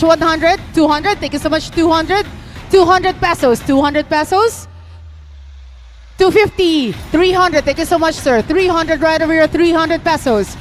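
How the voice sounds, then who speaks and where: A woman with a Filipino accent, hosting a live auction at an event, calling bids in an energetic, playful way. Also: extremely high pitch. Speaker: auctioneer host. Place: live esports event venue.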